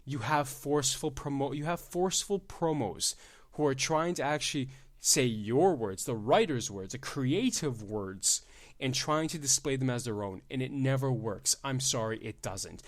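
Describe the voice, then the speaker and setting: A young man hosting a solo wrestling podcast, ranting emphatically and repeating himself for effect. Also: medium pitch. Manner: animated, ranting, emphatic repetition. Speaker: podcast host.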